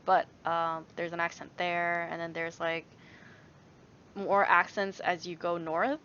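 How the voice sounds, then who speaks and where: This young woman from Canada has a lowish, level, fairly bright voice and takes her time as she answers questions from viewers in a relaxed vlog chat. She laughs a lot, rambles and keeps restarting sentences with many fillers. The lo-fi, slightly dull recording carries a little hiss or hum.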